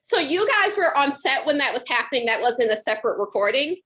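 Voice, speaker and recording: A woman's voice: high-pitched, big pitch swings, fairly quick, a bit bright. A young woman interviewing an actress, asking upbeat questions peppered with "like" and "kind of.". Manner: upbeat, filler-laden, "like" and "kind of".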